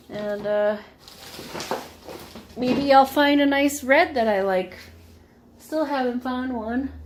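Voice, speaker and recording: Slow, wry woman vlogging at home. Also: fairly high pitch, darkish tone, slight background noise. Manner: chatty, wry, meandering asides. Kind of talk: casual rambling chat. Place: home, indoors.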